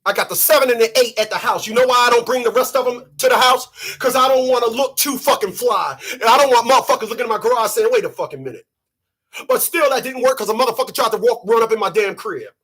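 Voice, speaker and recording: A man delivers a profane commentary rant and often breaks into shouts. His voice is very high for a man. It has a husky edge throughout. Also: fast. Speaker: channel host. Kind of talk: ranting commentary.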